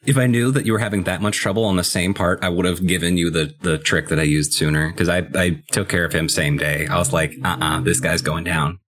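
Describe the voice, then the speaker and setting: A man's voice: low-pitched, steady tone, quick pace, hardly any pauses, fairly bright tone, faint music behind. A young man co-hosting a podcast, chatting casually about a video game and explaining strategy in long, loose sentences. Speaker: podcast co-host.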